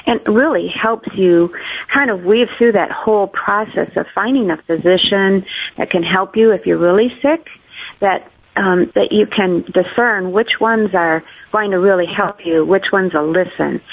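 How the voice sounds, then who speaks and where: A woman's voice: fairly low pitch, breathy edge. An older woman from Idaho calling in to a radio show, giving an earnest, grateful testimonial. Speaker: radio caller. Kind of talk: phone-in testimonial. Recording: phone line.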